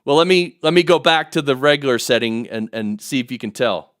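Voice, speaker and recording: A man teaching podcast audio production on a live stream, rambling and excitable, often interrupting himself, speaking into a studio mic in a home studio. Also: medium pitch, a little fast, no echo. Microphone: studio mic through audio recorder.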